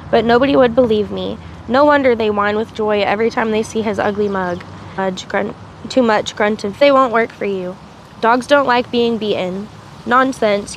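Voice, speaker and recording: Woman reading a novel aloud, faint traffic. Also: a little high. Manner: reads with small slips and restarts, asides in between. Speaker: reader.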